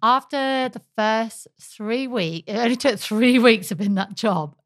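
An English woman in her thirties co-hosting a podcast, telling a personal story in an animated, chatty way full of fillers. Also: fairly high pitch, measured pace, dry recording, clean studio sound. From England. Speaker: podcast co-host. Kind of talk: casual storytelling chat.

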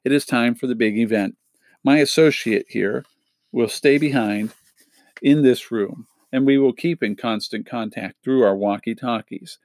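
A man's voice: medium pitch, a little slow, a little mellow, no echo, close to an everyday voice. A man reading aloud, voicing a scheming, commanding villainous count from a storybook. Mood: menacing.

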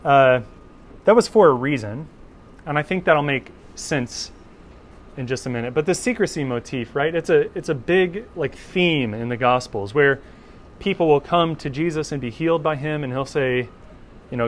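A male Bible teacher giving an informal class lecture at an ordinary, middle pitch. He talks conversationally, often checking in with his listeners with a quick "right?". A faint hiss sits under his voice.

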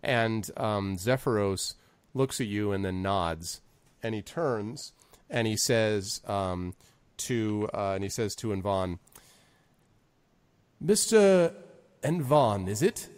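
Male GM, slow and halting, dry close sound. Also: lowish voice, smooth, dry recording. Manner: hesitant, full of fillers and restarts while describing scenes. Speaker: game master. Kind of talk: narrating a tabletop game.

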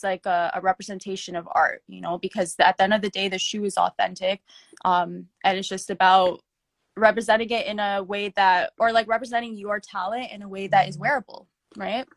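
A woman's voice: mid-range voice, fairly bright tone, no room sound. Young woman, casual interviewee, slangy and filler-heavy, dry recording. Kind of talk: casual chat.

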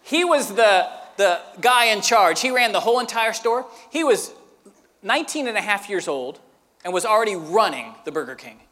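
A man with a very high, bright voice preaching a sermon, rolling into a lively story he acts out with sound effects. His words ring with a long reverb, as if in a big hall. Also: normal speed. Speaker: pastor.

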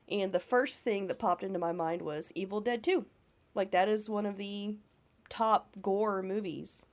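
Nasal woman with a cold. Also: medium pitch. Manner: enthusiastic, swears casually. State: has a cold, nasal and scratchy. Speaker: podcast co-host. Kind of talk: casual horror podcast chat.

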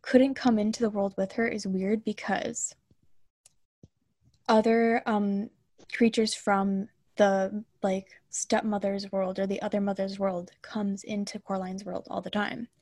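A young adult woman co-hosting a casual chat, retelling a film in an animated, chatty way with mock-indignant asides. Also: mid-range voice, unhurried, dry recording, studio quality.

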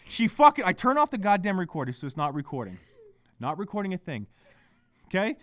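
A man's voice: high voice, big pitch swings, brisk, a bit bright. A man hosting his own podcast, ranting heatedly and swearing constantly, recorded at home on a microphone. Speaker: podcast host. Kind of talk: solo podcast rant. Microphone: microphone at a laptop.

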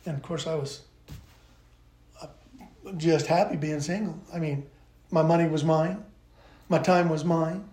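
A man's voice: on the high side, steady tone, a little slow, long pauses, a little mellow, reverberant. An older man talking earnestly with restarts as a podcast guest, speaking of faith and family. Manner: earnest, rambling with restarts, turns emotional. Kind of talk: casual interview chat.

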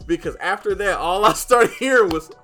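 A young man, a podcast host, telling a story in a casual chat and getting loud and animated when excited. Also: sits high, normal speed, music in the background.

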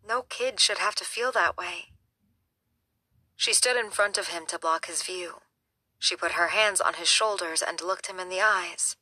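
Female audiobook narrator, steady and measured, bright lower voice. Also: husky, no room sound. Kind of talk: scripted narration.

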